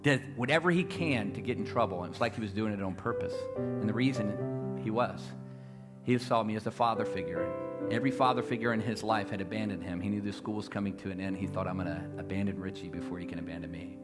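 A man preaching a sermon, telling a story and building to loud, repeated declarations. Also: lowish voice. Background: guitar music.

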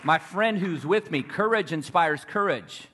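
A man's voice: fairly high pitch, expressive, a little slow, noisy background. A man preaching a fervent sermon, telling stories and calling to the crowd for responses.

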